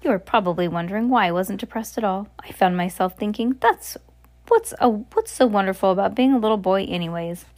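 A woman reads a children's novel aloud at a medium pitch. Her delivery is plain and unpolished, with the occasional slip and restart. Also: very animated, fairly quick, darkish tone. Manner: plain, unpolished reading with small slips and restarts. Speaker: reader.

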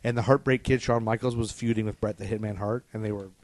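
A man's voice: fairly low pitch, steady tone, fast talker, a little mellow, no room sound. A man co-hosting a podcast, chatting casually and rattling off lists with dry, teasing humor. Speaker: podcast co-host. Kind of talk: casual chat.

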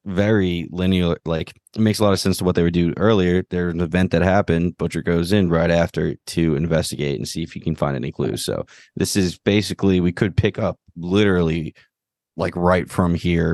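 Male co-host, very low voice, laid-back delivery, dry mic. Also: steady tone, brisk, a little mellow, no room sound. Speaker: podcast co-host. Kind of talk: casual fan discussion.

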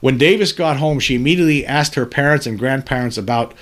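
A man's voice: mid-range voice, fast, fairly bright tone. A man hosting a podcast, reading news articles aloud and adding earnest, somber commentary between the passages. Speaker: podcast host.

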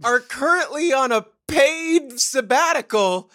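A woman's voice: high voice, animated, measured pace, pushed and bright. A woman in an improvised comedy chat, giggly and quizzical.

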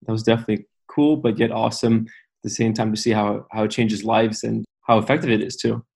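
A young man, born in Amsterdam and raised abroad, has a slight, mixed international English accent. He chats upbeat and easy as a guest in a casual interview, laughing easily. His voice is lowish, husky and a little mellow, with vocal fry, fairly even intonation and a fairly quick pace.

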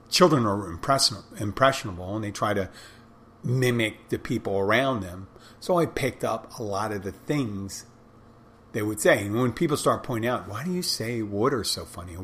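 A man's voice: on the low side, a bit bright, a little hiss or hum. A man hosting a podcast, talking on his own in a rambling, conversational way and often correcting himself mid-sentence. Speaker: podcast host. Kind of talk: casual solo podcast monologue.

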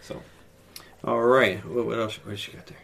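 A man's voice: mid-range voice, fairly even intonation, moderate pace, vocal fry, a bit bright, a little hiss or hum. A man co-hosting a casual talk show, enthusiastic, laughing often and trailing off into fillers. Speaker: podcast co-host. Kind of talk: casual chat about wrestling.

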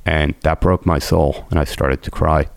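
A man's voice: fairly even intonation, normal speed, no room sound. A man earnestly telling the story of his own recovery, quoting what people said to him. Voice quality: very deep gravelly voice. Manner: earnest, intense, quotes people as he retells. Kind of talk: emotional personal storytelling.

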